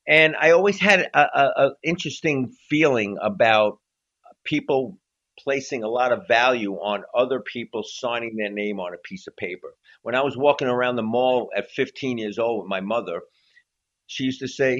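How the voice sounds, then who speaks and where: A man's voice: mid-range voice, normal speed. A man in his sixties, a drummer telling stories as an interview guest and acting out quotes as he goes. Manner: animated storyteller acting out quotes. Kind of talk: storytelling interview. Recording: slightly dull lo-fi audio.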